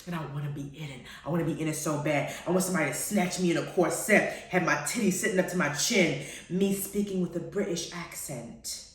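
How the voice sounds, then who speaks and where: A woman hosting a radio show, chatting casually about TV shows in a playful, animated way and laughing often. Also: sits low, quick pace. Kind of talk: casual chat reviewing TV shows. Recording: very echoey, far from the mic.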